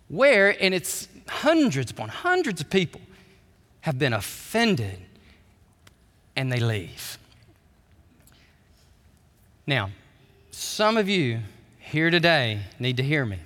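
A long reverb carries a preacher's sermon through a big church sanctuary. His voice is bright and forceful, pitched somewhat high for a man, and it shifts between quiet, low asides and loud, high outbursts.

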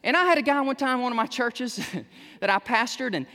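A male pastor preaching a sermon in a church, animated, with sudden shouts and humorous asides. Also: very high-pitched, fairly quick. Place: church sanctuary. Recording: echoey church hall.

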